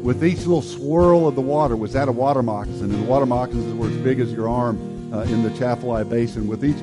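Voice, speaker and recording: A man preaching a sermon and telling a story, often restarting his words and swinging between loud and hushed delivery. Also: mid-range voice, fast, music in the background. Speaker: pastor.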